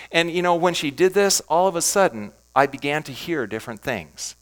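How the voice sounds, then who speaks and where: A pastor teaches in a slightly raised voice, swinging up and down in pitch as he stresses each point. He is a man who asks rhetorical questions and answers them himself. His delivery is emphatic and animated from start to finish. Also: moderate pace, hardly any pauses. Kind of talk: teaching talk on Bible reading.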